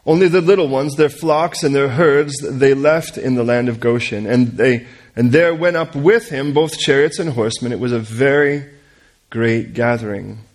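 A man's voice: medium pitch, normal speed. Earnest man reading scripture aloud. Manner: earnest reading with stumbles and corrections, coaxes listeners to repeat names. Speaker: Bible teacher.

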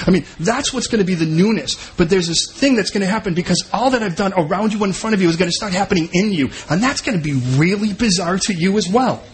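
A man preaching a sermon in an animated way, acting out the voices of the people he quotes. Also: sits high, quick pace, hardly any pauses, a little hiss or hum. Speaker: pastor.

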